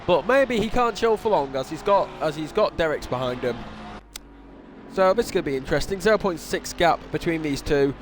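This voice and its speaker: A young man with a high voice calls a sim race live in a loose, casual way, restarting sentences and poking fun at himself. A faint hum sits behind him. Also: animated, fairly quick. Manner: casual, self-deprecating, with restarts and exclamations. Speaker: race commentator. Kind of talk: sim racing commentary.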